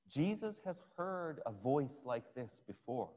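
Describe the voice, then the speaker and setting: A man's voice: medium pitch, very animated, a little slow, hardly any pauses, warm tone. A male preacher giving a sermon, retelling a scripture scene as a story for his listeners. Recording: long hall reverb.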